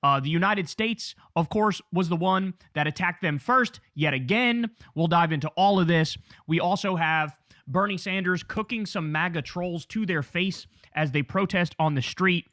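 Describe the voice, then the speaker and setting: Energetic chatty male show host. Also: high-pitched, normal speed, dry recording, studio quality. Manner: energetic, chatty, addresses chat as y'all. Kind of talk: news commentary show opening.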